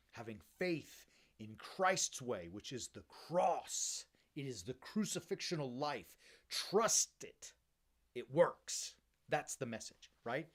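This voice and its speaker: A male priest giving a sermon in an energetic, conversational way, keeps checking in with "right?" and drops casual slang. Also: mid-range voice. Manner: uses casual slang like "bro" and "baby".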